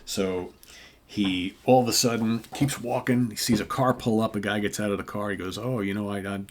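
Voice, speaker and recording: A man's voice: fairly low pitch, moderate pace. An older man co-hosting a comic book show, casually retelling the stories and acting out the characters' lines with lots of fillers. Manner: animated storyteller, acts out dialogue with filler words.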